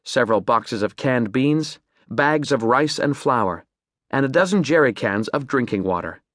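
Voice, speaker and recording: A man narrating an audiobook in a vivid, expressive storytelling manner, recorded on a studio microphone. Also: mid-range voice, moderate pace, dry recording. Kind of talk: scripted narration.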